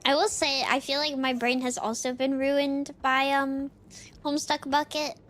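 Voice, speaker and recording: A woman streamer chatting casually with her chat while gaming, animated and giggly. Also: high voice, normal speed.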